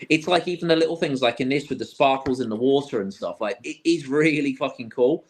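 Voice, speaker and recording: A man's voice: medium pitch, brisk. A man, co-hosting a casual film podcast and rambling as he thinks aloud. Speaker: podcast co-host. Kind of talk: casual film-review chat.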